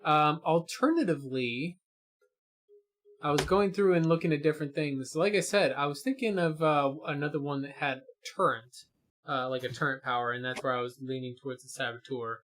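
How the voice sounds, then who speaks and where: A man's voice: on the high side, moderate pace, fairly bright tone, slight background noise. A man co-hosting a gaming stream in casual chat, explaining character builds with many fillers and restarts.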